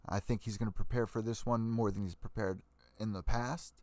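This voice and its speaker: A man's voice: fairly low pitch, steady tone, fairly quick, darkish tone, no room sound. Profane ranting man on a dry mic. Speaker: MMA podcast host. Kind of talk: ranting live stream commentary.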